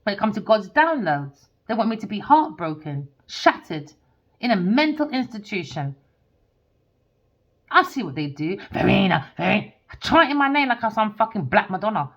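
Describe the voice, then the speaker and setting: A woman's voice: mid-range voice, big pitch swings, moderate pace, highs cut off. A woman, a tarot reader delivering a heated, sweary rant as an angry monologue.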